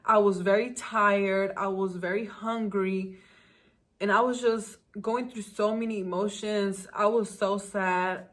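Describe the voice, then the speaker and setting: A young woman from the United States tells her own story straight to her viewers in a casual storytime vlog. Her voice sits at an ordinary pitch for a woman. She speaks openly and emotionally. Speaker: vlogger.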